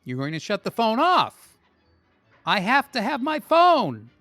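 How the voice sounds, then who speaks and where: A man acting out a comedy sketch as a man who forces himself to sound calm during a phone call about an overdue bill. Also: medium pitch, dry recording, soft background music, exaggerated voice. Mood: forced calm. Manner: hushed, breathy, deliberately slow.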